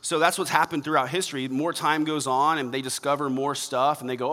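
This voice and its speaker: Male pastor, fairly high and bright voice, emphatic blunt delivery, reverberant sanctuary. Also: fairly even intonation, a little fast. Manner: emphatic, blunt preaching with rhetorical asides. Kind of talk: sermon.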